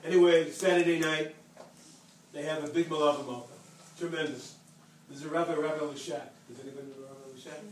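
A man speaking to an audience, telling a story with lively repetition and emphasis. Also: on the high side, fairly quick. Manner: animated storyteller who repeats phrases for emphasis. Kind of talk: storytelling talk. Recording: echoey hall, distant mic, faint hiss.

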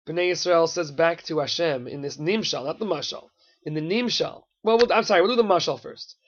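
A man with a high, bright-pitched voice leads a Torah class, explaining with animated rhetorical questions and Hebrew terms. The recording is muffled and lo-fi. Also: fairly quick. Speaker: Torah teacher.

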